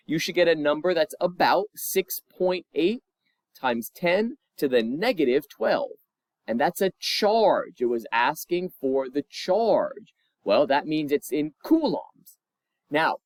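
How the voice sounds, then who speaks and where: A man's voice: fairly high pitch, unhurried, no room sound. A male physics teacher talking through homework solutions in a chatty, encouraging way, recorded at his computer. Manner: lively, chatty and encouraging, with asides.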